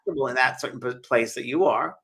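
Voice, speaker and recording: A man who hosts a spiritual talk show as a medium, telling stories in an animated way with frequent chuckles and halting restarts. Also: medium pitch, husky. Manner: animated storyteller, chuckling often; halting restarts and repeated words.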